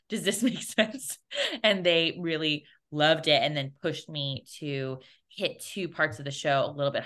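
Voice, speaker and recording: A young adult woman with a low, fairly bright voice tells a story casually as an interview guest. She's a playwright and performer who laughs often and performs the voices of the people she quotes.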